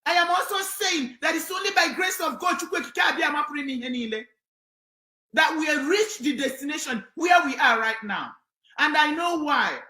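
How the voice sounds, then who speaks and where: A Nigerian woman holds forth on air with fervent, preacherly conviction, her high voice often rising to a shout. Her tone is bright and ringing. The recording carries a roomy echo. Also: lively intonation, moderate pace. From southeastern Nigeria. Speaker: commentator on air. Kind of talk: impassioned on-air commentary.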